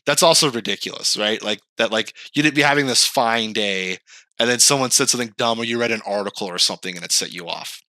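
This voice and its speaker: A man co-hosting a podcast in casual chat, animated and swearing, acting out outbursts. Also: fairly low pitch, quick pace, dry recording. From California. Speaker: podcast co-host.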